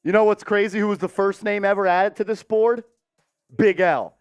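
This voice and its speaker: High-voiced man hosting a live stream. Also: steady tone, normal speed, smooth, no echo, studio quality. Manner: warm-hearted, giving viewers shout-outs. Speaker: sports show host. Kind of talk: casual live-stream chat.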